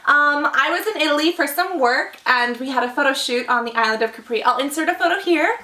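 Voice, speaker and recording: Young woman, chatty vlog, high bright voice, echoey room a bit off the mic. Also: animated, fast talker, far from the mic. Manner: gushing, chatty, full of likes and oh-my-gods. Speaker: vlogger. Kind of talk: casual chat.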